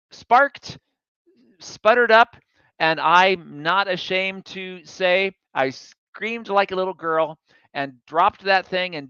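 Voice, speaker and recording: A man's voice: a little high, bright, forceful tone, clear, resonant tone, no echo, dull audio. A man giving a public talk, telling a chatty, self-deprecating story from his travels. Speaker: guest speaker.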